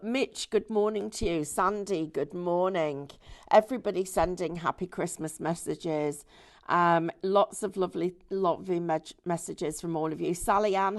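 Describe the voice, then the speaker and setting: Gravelly-voiced woman hosting. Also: fairly low pitch, a little mellow. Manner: rambling, laughs often. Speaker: shopping show host. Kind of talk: chatty live studio presenting. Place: TV studio.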